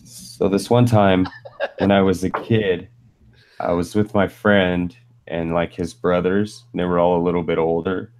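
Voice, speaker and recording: A man with a very low, deep voice chats loosely as the host of a live stream. He tells crude stories, swears freely and breaks into laughter mid-story. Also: flat delivery, unhurried, a little mellow. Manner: profane, storytelling, laughs while telling. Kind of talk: casual chat.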